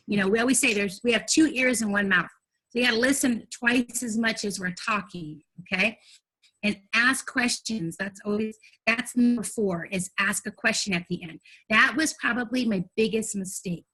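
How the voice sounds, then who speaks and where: A woman's voice: on the high side, pushed and bright. Bubbly, chatty woman sales trainer. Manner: chatty, bubbly, acts out sample calls. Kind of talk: casual training talk.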